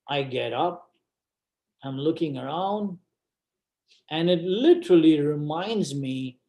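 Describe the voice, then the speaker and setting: A guest speaker gives a presentation, telling a personal story with dramatic, emphatic repetition. His voice is mellow and on the high side, recorded in a roomy event hall.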